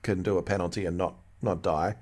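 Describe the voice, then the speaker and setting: A man's voice: low voice, fairly even intonation, a little fast, darkish tone. A man co-hosting a podcast in casual chat, with dry, wry remarks. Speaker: podcast co-host.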